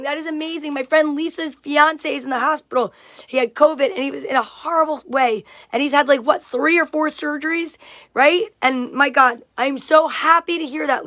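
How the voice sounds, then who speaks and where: A woman's voice: high-pitched, a bit bright. A woman chatting casually on a livestream, greeting viewers by name and reading out their comments. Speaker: livestream host.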